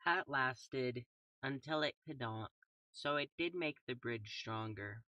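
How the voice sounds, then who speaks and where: A young man casually commentating his own gameplay in a calm, soft-spoken way, throwing in playful made-up sound words. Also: medium pitch, slow pace, no echo, distant mic, dull audio. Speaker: gaming YouTuber.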